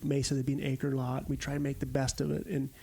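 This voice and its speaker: Gravelly-voiced storytelling man from Arizona. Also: medium pitch, fast. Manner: animated, acts out quotes while telling stories. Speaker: podcast guest. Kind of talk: casual storytelling.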